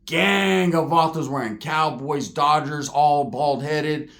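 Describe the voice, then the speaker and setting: Brief: man, slightly high voice, casual profane street storyteller, slang-heavy. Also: slow, a bit bright.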